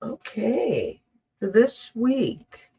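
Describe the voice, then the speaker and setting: Slow chatty woman reading tarot. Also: fairly high pitch, big pitch swings, mellow, husky, dull audio. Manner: chatty, thinks aloud, self-correcting. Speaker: tarot reader. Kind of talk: live tarot reading chat.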